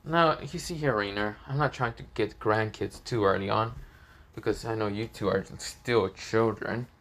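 A man's voice: lowish voice, moderate pace, fairly bright tone, slight background noise. A man voicing a smug older father figure who lectures his daughter, in a casually narrated fan story. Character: older father, a fallen angel, teasing and smug.

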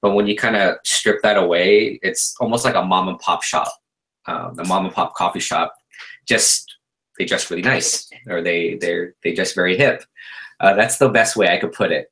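Chatty man with a bright, forceful voice. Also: low voice, moderate pace, rough recording. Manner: relaxed, chatty storyteller with many fillers. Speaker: guest artist. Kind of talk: casual podcast chat.

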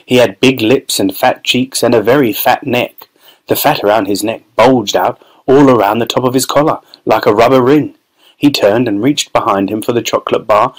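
A man narrating a children's novel as an audiobook in a steady, expressive storytelling voice. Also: mid-range voice, rough recording. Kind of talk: scripted narration.

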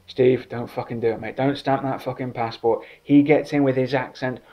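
A man's voice: medium pitch, steady tone, normal speed, highs cut off, natural voice. A man doing a swearing, jealous customs officer. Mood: alarmed. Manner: swearing, alarmed, blunt. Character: crude, jealous male customs officer named Dave.

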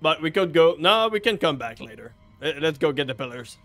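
A man playing a tabletop role-playing game, animated and quick with exclamations. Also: a little high, dry recording, soft background music. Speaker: player. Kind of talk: casual play over voice chat.

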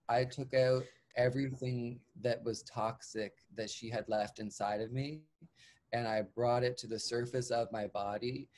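A man's voice: medium pitch, a little mellow. A man from Canada, a drag clown performer, telling his own story in an interview in an earnest, reflective way with emphatic repeated phrasing. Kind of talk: candid personal storytelling.

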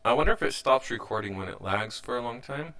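A man's voice: mid-range voice, animated, quick pace, pushed and bright. A young man hosting a let's play, giving rambling, casual commentary as he plays, often restarting his sentences and sounding mildly frustrated.

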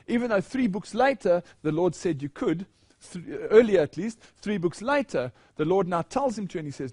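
High-voiced male preacher, dry sound. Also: animated, moderate pace, darkish tone, breathy edge, no echo. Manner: questioning the audience and reading scripture aloud. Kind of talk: sermon. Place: church.

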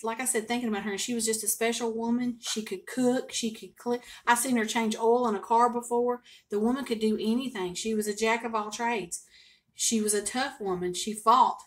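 A woman's voice: fairly high pitch, normal speed. Folksy older woman storyteller. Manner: folksy, chatty, expressive storytelling. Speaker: home cooking vlogger. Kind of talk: casual storytelling to camera.

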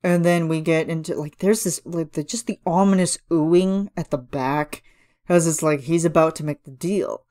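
Chatty low-voiced woman gushing as host. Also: moderate pace, dark tone. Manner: chatty, gushing, filler-heavy, sings snippets of lyrics. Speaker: podcast host reviewing a cover song. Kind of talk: casual solo commentary. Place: home room.

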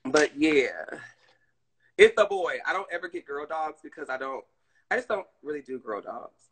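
A man's voice: fairly high pitch, expressive, moderate pace, a bit bright, husky, low-quality recording. A man with a Southern US accent chatting casually on a live stream, addressing viewers and reading chat. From Southern United States.

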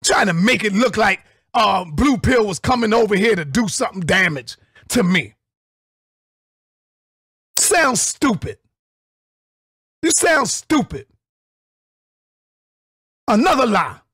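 A middle-aged man with a strikingly high, husky voice tears into a rival in a confrontational vlog rant. His pitch swings wildly as he swears and breaks into shouts. The sound is dry and close, with no room echo. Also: big pitch swings, takes it slowly, long pauses. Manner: confrontational, profane, shouting bursts. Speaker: vlogger. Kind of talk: angry call-out rant.

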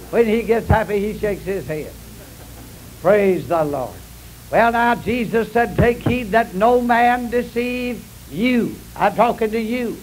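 A man's voice: high voice, rough recording. An older man preaching a sermon in a folksy, emphatic way, repeating phrases for effect. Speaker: pastor. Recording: faint noise, old sermon tape.

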